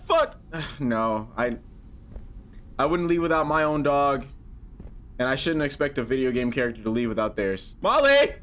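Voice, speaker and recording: A man with a high, bright voice works through a horror game out loud. His pitch swings widely as he mutters to himself, curses, and breaks into startled yelps. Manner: jumpy, talks to himself, swears, yelps and shouts when startled. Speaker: gaming YouTuber.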